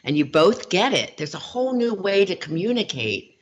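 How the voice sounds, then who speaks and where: A middle-aged woman, a relationship coach as guest, telling client stories in a lively, animated way. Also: lowish voice, normal speed, highs cut off, slight background noise. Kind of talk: interview storytelling.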